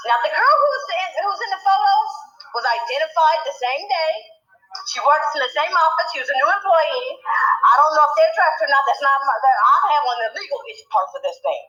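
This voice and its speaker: Upset woman, high lively voice. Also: a little fast, poor audio. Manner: emotional, swears, shouts and voice breaks. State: upset, near tears. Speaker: mother of an employee. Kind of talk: angry personal complaint.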